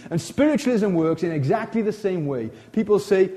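A man preaching an informal sermon, animated and chatty, often breaking off into asides and restarting his sentences. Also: high-pitched, fairly quick, hardly any pauses. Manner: animated, chatty, frequent self-interruptions and asides.

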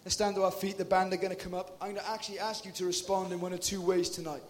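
High-voiced man preaching with passion. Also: little pitch movement, fast. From Britain. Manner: impassioned, addressing the crowd directly in a casual slangy way. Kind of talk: sermon.

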